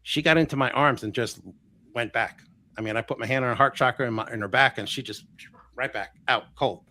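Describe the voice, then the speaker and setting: A man in his sixties, a healer guest telling stories in a casual, animated way, chuckling often and acting out what people said. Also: mid-range voice, fairly quick. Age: 60s. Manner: animated, chuckles often, acts out quoted dialogue. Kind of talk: casual storytelling.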